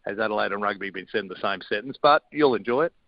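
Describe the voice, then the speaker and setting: A man's voice: on the low side, racing, no echo. An Australian man chatting as a radio guest in a wry, dry tone. His voice comes through a muffled, dry remote line. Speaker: radio guest, breakfast host. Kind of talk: casual radio banter.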